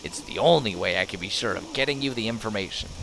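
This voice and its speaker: A man's voice: on the low side, expressive, fast talker, fairly bright tone, slight background noise. A man reading out a dutiful, formal male scout. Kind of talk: reading game dialogue aloud.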